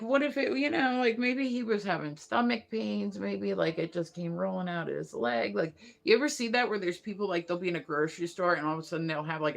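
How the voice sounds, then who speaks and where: Woman chatting on a livestream, kinda gravelly, rambles and says like a lot. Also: mid-range voice. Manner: rambling, filler-heavy, laughs at own stories. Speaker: livestream host. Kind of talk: casual livestream chat.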